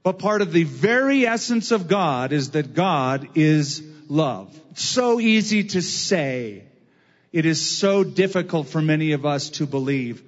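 A man preaching a sermon as pastor, slow and emphatic with drawn-out phrases. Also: on the high side, expressive, big-room sound, highs cut off.

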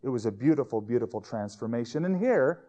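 Male pastor, mid-pitched voice, conversational storytelling sermon. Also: expressive, a little fast, warm tone, lo-fi sound. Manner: conversational, anecdotal.

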